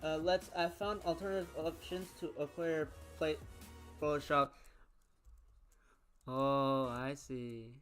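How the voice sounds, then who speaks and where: A young man with a Floridian accent talks his way through a video game in a loose, rambling way, cutting himself off and starting over. His voice sits a little high for a man. Soft music plays faintly under him. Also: steady tone, a little slow. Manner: chatty, reacting aloud to the game, trailing off and restarting. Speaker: gaming content creator. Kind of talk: casual gameplay commentary.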